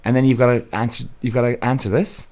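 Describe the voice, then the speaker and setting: Blunt Irish host from Cork. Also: male voice, medium pitch, level tone, quick pace, darkish tone. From Ireland. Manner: blunt, exasperated, swears freely. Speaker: podcast host reading live chat. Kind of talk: casual live-stream chat.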